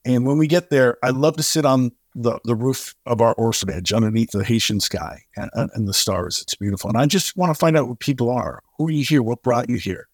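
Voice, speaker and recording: A man guest on an interview show, telling stories in an animated way and acting out the voices of the people in them. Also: a little fast, few pauses, no echo, studio quality. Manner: animated, acts out quoted voices with big pitch jumps. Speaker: charity co-founder, guest. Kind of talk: storytelling in an interview.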